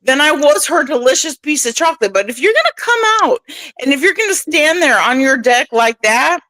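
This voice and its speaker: A woman's voice: high voice, big pitch swings, fairly quick, pushed and bright, poor audio. A woman co-hosting a casual livestream chat, blunt and profane, speaking into a desk microphone while wearing headphones. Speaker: livestream co-host.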